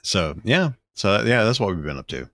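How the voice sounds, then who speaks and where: A man hosting a podcast in casual chat, lively and playful. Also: normal speed, no echo, studio quality. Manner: lively, playful, shifts pitch a lot. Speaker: podcast host.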